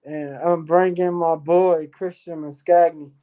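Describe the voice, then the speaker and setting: A man's voice: on the high side, fairly even intonation, a little slow, mellow. A man hosting a livestream, talking in a rambling, profane way with laughing asides. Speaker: livestream host. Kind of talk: casual rambling livestream talk.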